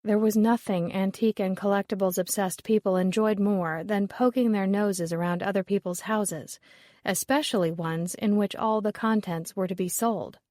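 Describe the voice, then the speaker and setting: An audiobook narrator, a woman, delivers a scripted mystery with a level, measured storytelling manner. The studio-quality recording has no room sound, and her voice falls in the mid-range.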